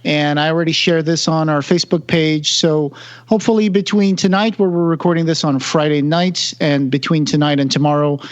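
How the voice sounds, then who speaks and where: A man's voice: fairly high pitch, steady tone, brisk. A man co-hosting a podcast in casual chat, talkative and self-deprecating, full of fillers and restarts. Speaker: podcast co-host.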